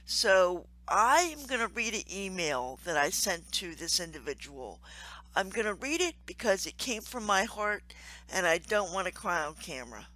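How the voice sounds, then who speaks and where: A woman hosting her own channel, speaking earnestly and warmly to camera, with frequent ums and soft laughs. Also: lowish voice, sing-song, moderate pace, rough recording. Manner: earnest, heartfelt, with many ums and gentle laughs. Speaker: crafts channel host and Salvation Army volunteer. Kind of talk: casual to-camera appeal.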